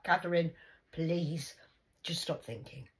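A woman voicing her wise elderly grandmother, who calmly and firmly tells her to stop worrying. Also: low-pitched, slow. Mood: reassuring. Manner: soothing, reassuring, firm. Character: wise calm elderly grandmother, gently firm.

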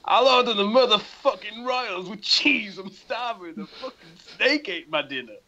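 A man's voice: high voice, expressive, normal speed, sharp tone, muffled recording, slight background noise, voice pushed up, exaggerated voice. A man doing an impression of a foul-mouthed, middle-aged American movie tough guy, with a put-on American twang. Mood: irritable. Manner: swearing, blustering.

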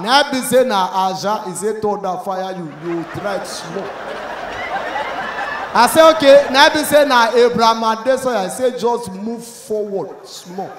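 A man with a Nigerian accent performing stand-up, acting out both sides of a story in Pidgin and rising to shouts at the punchlines. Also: high-pitched. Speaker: stand-up comedian. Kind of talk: stand-up comedy routine. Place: comedy club stage with a live audience. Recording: echoey live venue, faint crowd noise.

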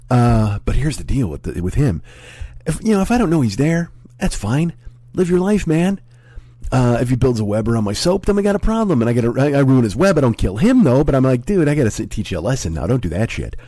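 A man's voice: mid-range voice, sing-song, brisk, mellow, breathy edge, dry recording, clean studio sound. A middle-aged man telling a rambling, profane comic story as a podcast host, with a casual monologue style.

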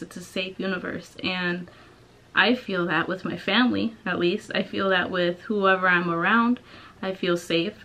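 A woman's voice: medium pitch, fairly bright tone, rough recording. A young woman vlogging from home, talking in a hesitant, rambling way with many restarts. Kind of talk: personal confessional vlog.

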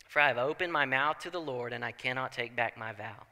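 Young guy pastor preaching, bright clear voice, acts out the story, long church reverb. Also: mid-range voice, fairly quick, hardly any pauses. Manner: animated storytelling, acting out quoted thoughts. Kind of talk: sermon. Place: church sanctuary.

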